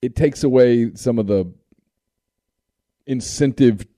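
A man's voice: medium pitch, slow pace, warm tone, no room sound, clean studio sound. A man co-hosting a casual talk show, reasoning through his view in long turns. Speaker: show co-host, recruiting analyst. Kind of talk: casual discussion.

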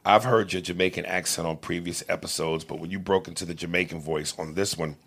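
A man's voice: sits low, fairly even intonation, a little fast, vocal fry, fairly bright tone. A man co-hosting a podcast in crude, casual chat, laughing and mumbling asides. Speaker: podcast co-host.

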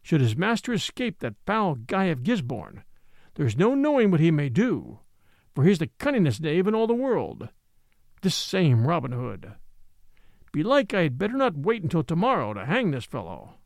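A man's voice: on the high side, wildly swooping pitch, moderate pace, vocal fry, no room sound, clean studio sound, exaggerated voice. A man voicing a scheming, gloating sheriff in a storybook reading. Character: scheming gloating male sheriff, middle-aged.

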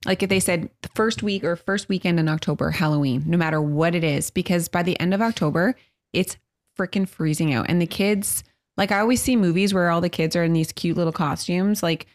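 A woman co-hosts a podcast in a slightly low voice. She is animated and chatty, laughing as she talks. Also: a little fast. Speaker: podcast co-host. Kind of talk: casual chat.

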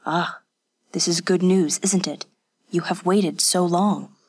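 A woman voicing a patient, kindly temple priest who speaks softly and calmly. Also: on the low side, takes it slowly, breathy edge. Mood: gentle, concerned. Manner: calm, soft-spoken counsel. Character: gentle, patient older male temple priest.

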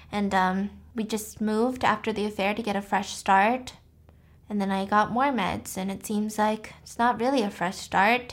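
A woman voicing a sleepy, fragile wife in a hushed, subdued manner, in a casual retelling. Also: mid-range voice, lightly acted. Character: drowsy, sedated fragile wife, adult woman.

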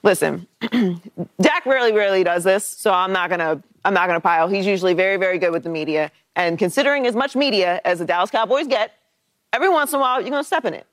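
A woman co-hosting a sports talk show, laying out a measured, reasoned argument. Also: mid-range voice, expressive, no echo. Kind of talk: sports debate.

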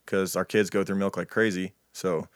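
A man's voice: sits low, little pitch movement, moderate pace, dry recording, clean studio sound. A man in his thirties co-hosting a podcast, talking earnestly and emphatically with many restarts. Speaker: podcast co-host. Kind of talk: casual chat.

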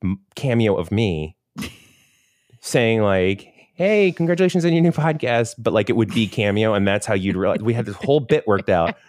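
Casting: low-voiced man, playful rambling co-host, dry close sound. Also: normal speed, no room sound. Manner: animated, joking, rambling restarts. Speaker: podcast co-host. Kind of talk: casual chat.

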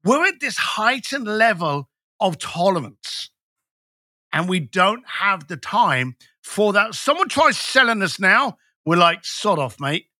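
A man's voice: high voice, sing-song, slow pace, bright, forceful tone, no echo, studio quality. A man, a business coach talking bluntly and emphatically as a podcast guest. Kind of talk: podcast conversation.

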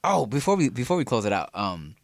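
Animated man chatting on a dry podcast mic. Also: medium pitch, brisk, no echo. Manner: animated storyteller, slips into voices. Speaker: podcast co-host. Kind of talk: casual chat.

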